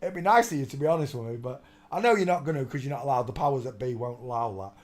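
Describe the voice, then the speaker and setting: A man's voice: mid-range voice, rapid-fire, a little mellow. A man hosting a casual live stream, rambling, mocking and often breaking into laughter.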